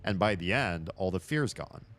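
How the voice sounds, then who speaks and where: A man's voice: deep voice, expressive, normal speed, fairly bright tone. A young man chatting casually and swearing freely while playing through a horror game. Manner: chatty, swears freely, laughs at his own jokes. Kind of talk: casual let's-play commentary.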